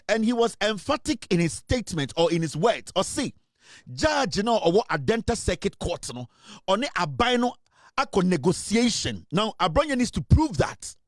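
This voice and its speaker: A man's voice: high-pitched, dry recording, clean studio sound. A Ghanaian man giving impassioned political commentary, emphatic and full of fillers as he switches between English and Twi.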